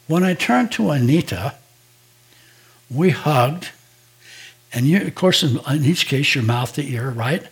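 An older man, a pastor, preaching a sermon in a conversational, storytelling way, acting out quoted dialogue. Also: mid-range voice.

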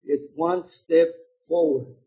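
Older male preacher in his 70s, husky and unhurried, slightly high voice, muffled lo-fi recording; shifts from loud scripture reading to hushed asides. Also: fairly even intonation. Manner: swings between loud emphatic reading and quiet asides. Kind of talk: sermon reading and explaining scripture.

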